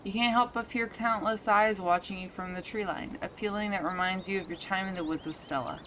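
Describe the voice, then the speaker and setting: A woman's voice: mid-range voice, steady tone, fairly quick, a bit bright, a little hiss or hum. A woman streaming a story game, reading narration aloud and fretting in muttered asides. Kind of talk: let's play commentary and narration reading.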